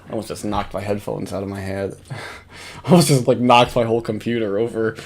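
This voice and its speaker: A man's voice: fairly low pitch, flat delivery, brisk, darkish tone. A young man hosting a casual reaction commentary from home, mocking and profane, rambling with lots of fillers and laughs. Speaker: commentary host. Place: home recording setup. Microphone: wired headphones with computer mic.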